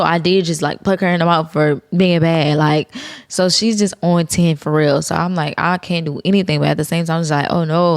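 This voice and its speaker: Low gravelly young woman podcaster. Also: no room sound. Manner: slangy, profane, chatty, addresses listeners as y'all. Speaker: podcast host. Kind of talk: casual solo podcast chat.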